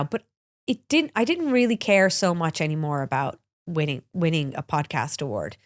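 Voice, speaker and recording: A woman hosting a podcast, candidly telling personal stories in a chatty, open way, sounding a little congested and sniffly. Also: on the low side. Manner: chatty, open, with frequent "like" and restarts. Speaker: podcast host.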